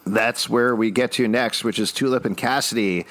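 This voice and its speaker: A man's voice: mid-range voice, fairly even intonation, moderate pace, a bit bright. A man co-hosting a podcast, wryly summarizing a TV episode's plot in casual chat. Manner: wry, summarizing plot at length. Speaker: podcast co-host recapping a TV episode.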